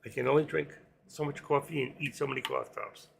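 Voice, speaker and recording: A man in his sixties hosting a casual stock trading livestream, rambling and joking between chart calls, his voice going hoarse. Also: mid-range voice, fairly even intonation, brisk, fairly bright tone, a little hiss or hum. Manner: rambling, joking asides, sings snatches of songs. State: losing his voice. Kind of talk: casual live-stream market commentary.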